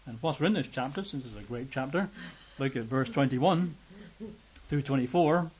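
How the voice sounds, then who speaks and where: Husky man preaching a sermon. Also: normal speed, darkish tone, dull audio. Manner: conversational, acts out quoted voices with rising pitch. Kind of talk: sermon, reading and explaining scripture.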